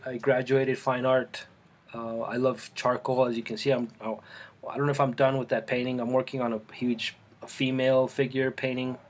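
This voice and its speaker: Rambling Colombian-born man in his studio. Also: medium pitch. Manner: rambling, halting, with many restarts and fillers. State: eating, mouth full at times. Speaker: artist and channel host. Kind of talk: casual chat to camera. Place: home art studio.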